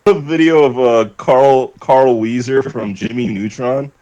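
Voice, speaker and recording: A man's voice: medium pitch, measured pace, dark tone, dull audio. A man streamer from the US chatting casually and rambling, swearing freely and laughing often. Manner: rambling, profane, laughing often, many fillers. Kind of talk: casual chat.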